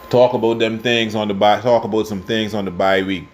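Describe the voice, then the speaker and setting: A Bahamian man giving casual football commentary and predictions, passionate and quick to get worked up. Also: fairly low pitch, fairly even intonation, slight background noise. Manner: passionate, gets worked up and loud. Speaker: sports fan vlogger.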